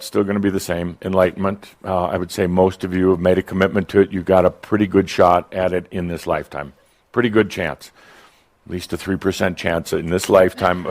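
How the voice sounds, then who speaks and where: Playful low-voiced man teaching spirituality. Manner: playful, teasing, laughs at own jokes, frequent restarts. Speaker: spiritual teacher addressing a live audience. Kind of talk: channeled spiritual talk.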